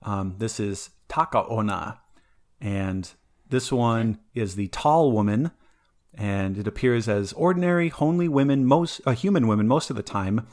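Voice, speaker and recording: A man co-hosting a podcast, talking about folklore in a casual, rambling way with lots of fillers and restarts. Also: mid-range voice. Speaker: podcast co-host presenting folklore. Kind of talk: casual chat.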